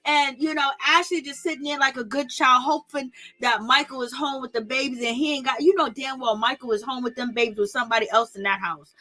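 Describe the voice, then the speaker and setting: This is a woman doing a casual, gossipy recap of a reality show. Her voice sits a little high and has a bright, punchy edge. She talks sassily and breaks into laughter often. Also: fairly even intonation, fairly quick, few pauses. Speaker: reality TV commentator.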